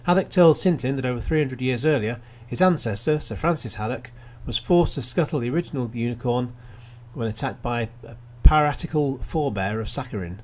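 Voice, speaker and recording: On a casual radio film show, a man with a medium-pitched, darkish voice reads plot summaries. He tosses in wry asides and often restarts his sentences.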